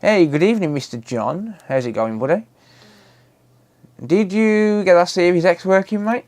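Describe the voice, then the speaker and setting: A man's voice: high voice, normal speed, a little mellow. A British man chatting casually as the host of a live stream at home, reading out and answering viewer comments and swearing freely.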